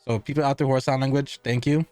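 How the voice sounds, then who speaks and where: A man's voice: medium pitch, fairly even intonation, fast talker, a little mellow, clear, resonant tone, dry recording, soft background music. A man giving a casual cigar review, rambling and asking and answering his own questions.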